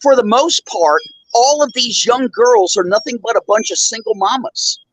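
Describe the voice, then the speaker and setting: A man's voice: very high voice, expressive, moderate pace, fairly bright tone, a little hiss or hum, rough recording. A male host telling a rambling, indignant story in a casual chat, full of fillers. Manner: blunt and indignant. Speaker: show host.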